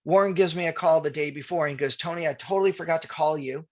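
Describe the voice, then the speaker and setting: A man's voice: on the high side, fast, darkish tone. A middle-aged man teaching real estate agents, telling a story with quoted dialogue and answering viewer questions. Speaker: real estate marketing trainer. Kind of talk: webinar presentation with anecdote and Q&A.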